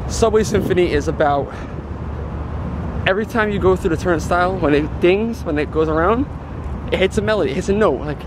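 Joking New man over loud noise. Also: a little high, brisk. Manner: animated, sarcastic, joking rants. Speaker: vlog co-host. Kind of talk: casual chat to camera.

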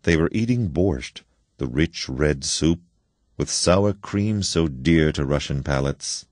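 A man narrating a story in an expressive audiobook reading with shifting emphasis. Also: very deep voice, takes it slowly, no room sound, studio quality.

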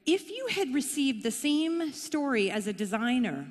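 A middle-aged Canadian woman gives a conference talk in a hall, chatty, playful, and self-deprecating. Her high voice is sing-song and a little slow, with long hall reverb on the recording.

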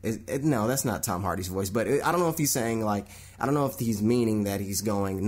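A young man hosting a solo radio talk show, giving lively commentary on movie news and slipping into quick impressions of other people. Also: fairly low pitch, husky. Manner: animated, mimics people in quick put-on voices.

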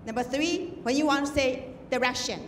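High woman judge, echoey hall. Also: moderate pace, slight background noise. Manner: instructive, demonstrating with examples. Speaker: contest judge. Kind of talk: feedback speech to students. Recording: echoey hall, distant mic.

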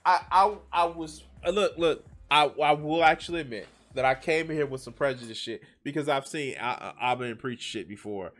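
A man's voice: on the high side, normal speed, few pauses, fairly bright tone. A man reacting to a video as a streamer, rambling and swearing with lots of restarts and jokes. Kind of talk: reaction commentary.

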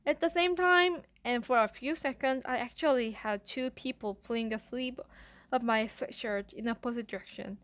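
A woman reading a first-person story aloud as an audiobook narrator, retelling a chase in a lively, breathless way. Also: on the high side, normal speed.

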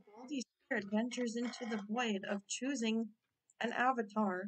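A woman narrating a cartoon in a mock-dramatic, hushed, solemn way. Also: a little high, fairly even intonation, normal speed, low-quality recording.

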